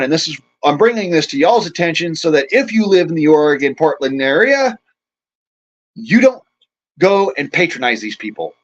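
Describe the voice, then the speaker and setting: A middle-aged man hosting a livestream, ranting in a profane, agitated way, shaken and angry. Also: fairly high pitch. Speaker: livestream host. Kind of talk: angry livestream rant and chat greetings. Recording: dull lo-fi stream audio.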